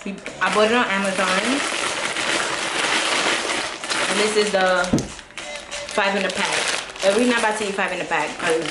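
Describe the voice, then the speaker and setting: A woman's voice: mid-range voice, moderate pace, long pauses, reverberant, over loud music. Young woman screaming through a spicy challenge. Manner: screams and laughs through the heat. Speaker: vlogger. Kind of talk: casual food challenge vlog.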